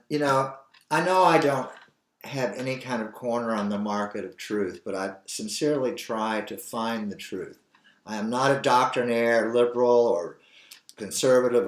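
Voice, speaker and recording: An older man hosting his own show, talking in a rambling, earnest, opinionated monologue. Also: on the low side. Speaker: show host. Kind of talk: opinionated solo commentary. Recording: echoey room.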